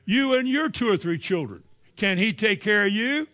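A man preaching a sermon, reading scripture verses and retelling them in lively, folksy everyday speech. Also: high-pitched, moderate pace.

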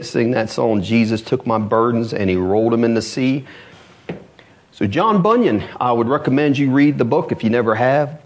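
Male preacher, sermon voice, storyteller who drops low and soft then rises high for emphasis.

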